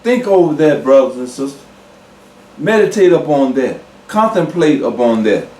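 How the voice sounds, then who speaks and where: A man preaching a sermon, slow and emphatic, repeating key words and pausing with fillers. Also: a little high, expressive, a little mellow, echoey room, far from the mic.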